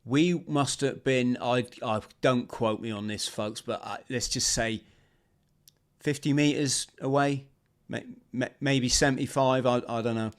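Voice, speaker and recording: Animated ex-marine telling war stories. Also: male voice, mid-range voice, unhurried. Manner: animated storyteller, acts out shouted quotes. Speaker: podcast guest, former marine. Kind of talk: storytelling interview. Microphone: video call.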